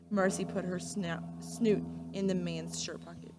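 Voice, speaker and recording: A teacher reading a children's book aloud with expressive, steady storytelling. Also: female voice, lowish voice, a little slow.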